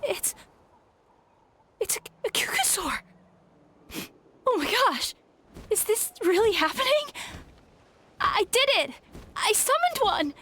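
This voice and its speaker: A woman's voice: very high-pitched, sing-song, slow pace, pauses often, bright, forceful tone, a little hiss or hum, pitched above the performer's own voice, full character voice. A woman voicing an earnest, self-doubting young woman warrior in training, reading game dialogue aloud. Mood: excited.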